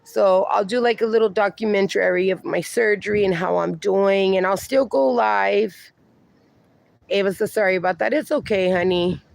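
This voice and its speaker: A man's voice: sits high, fairly even intonation, moderate pace, creaky, a little hiss or hum. A middle-aged man livestreaming from his backyard at night, chatting affectionately and reading viewer comments aloud, with dogs around.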